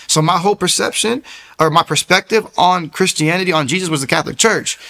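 A man giving a personal faith testimony, telling his story in an animated way, acting out the voices and using many fillers and restarts. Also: a little high, brisk, gravelly.

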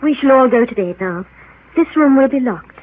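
A woman's voice: high-pitched, expressive, moderate pace. An actress playing a stern middle-aged aunt who rules her household, speaking in a firm, formal way in an old radio drama. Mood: commanding. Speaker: aunt and guardian. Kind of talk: 1930s radio drama acting. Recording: narrow phone-like old radio broadcast with faint hiss.

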